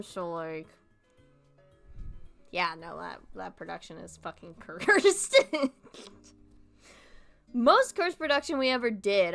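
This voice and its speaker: A young woman chats on her stream in a bright, forceful voice. She talks animatedly, swears freely and laughs often, with faint guitar music playing behind her. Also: mid-range voice, clean tone. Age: young adult. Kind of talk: casual chat stream.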